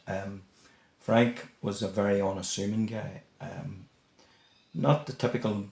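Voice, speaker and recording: An older man, softly reminiscing about an old teammate as he looks at photos. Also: on the low side, creaky, reverberant. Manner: reflective, soft-spoken reminiscing. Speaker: interviewee, former teammate.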